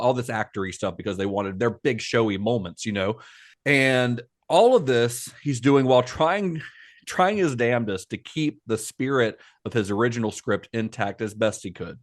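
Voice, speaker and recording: A man hosting a film podcast, telling the production story in a relaxed, chatty way with frequent fillers. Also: medium pitch, normal speed. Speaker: podcast host. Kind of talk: casual film podcast narration.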